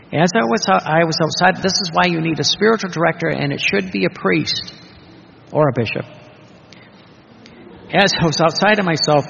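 A man's voice: a little high, creaky, fairly bright tone, a little hiss or hum. A man preaching a sermon, emphatic and full of rhetorical questions. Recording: dull reverberant hall recording.

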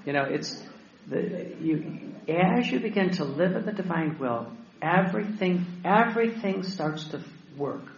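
A male deacon delivers a sermon-style teaching talk with a gravelly edge, often stumbling over restarts and fillers as he tells his stories. The recording is roomy and echoey, slightly dull and lo-fi, with faint ambience behind him. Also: high voice, animated. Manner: storytelling, halting with many restarts and fillers.

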